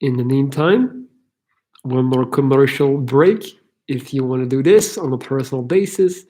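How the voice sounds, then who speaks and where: A man's voice: on the high side, warm tone. A man hosting a livestream Q&A, chatting casually and joking as he answers viewer questions. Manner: chatty and joking, laughs easily. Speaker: livestream Q&A host.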